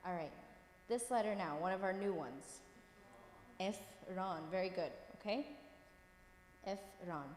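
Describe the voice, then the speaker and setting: In an unhurried, mid-range voice with a slightly mellow quality, a woman reads words aloud to her language class. She patiently encourages the students and checks in often to confirm they're following. The space is echoey, with long reverb and faint room noise.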